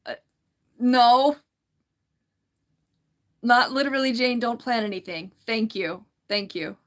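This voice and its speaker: A woman with a somewhat high voice hosts a casual livestream. She reads viewer comments aloud in a giggly, chatty way and often trips and restarts mid-sentence. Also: takes it slowly. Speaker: livestream host.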